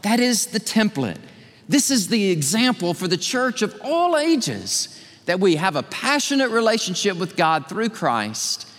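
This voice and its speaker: A man preaching a sermon in a church, acting out voices with big swings of pitch. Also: big pitch swings, unhurried, a bit bright, in a large hall. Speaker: pastor. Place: church sanctuary.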